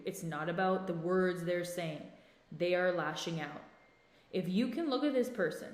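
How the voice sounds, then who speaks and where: A woman's voice: fairly low pitch, a little mellow. A woman hosting a solo advice podcast, talking earnestly and coaching the listener, acting out example phrases as she goes. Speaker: podcast host. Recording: echoey room with long reverb.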